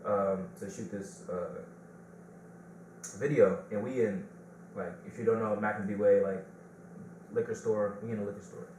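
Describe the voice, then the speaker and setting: A man's voice: on the low side, fairly even intonation, a little slow, long pauses, mellow. Laid-back Detroit man in an echoey room. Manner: loose, laughing storyteller. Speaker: podcast host. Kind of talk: casual chat. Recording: roomy, distant mic with background hiss.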